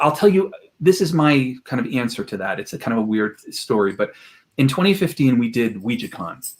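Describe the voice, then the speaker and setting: Male podcast guest, mid-pitched, lively storyteller who acts out quotes, on a video call. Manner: animated, jumps into quoted voices, laughs while talking. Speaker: guest expert. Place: home room with collected objects.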